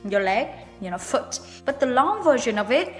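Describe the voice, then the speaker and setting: A woman's voice: on the high side, sing-song. Woman teaching English pronunciation. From Vietnam. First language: Vietnamese. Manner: explains patiently, repeats example words slowly. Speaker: English teacher, channel host. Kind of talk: casual video lesson. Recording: reverberant room with background music.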